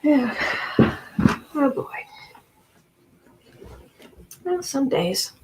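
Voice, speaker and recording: A woman hosting a casual tarot livestream from home, rambling and breaking off to calm her pets. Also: high-pitched, drawn-out words, low-quality recording. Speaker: tarot reader and livestream host.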